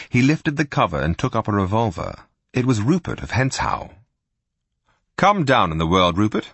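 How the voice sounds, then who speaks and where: A man narrating a first-person audiobook in a wry, lively storytelling manner. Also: on the low side, slightly rough, dry recording. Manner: wry, lively storytelling that slips into character voices.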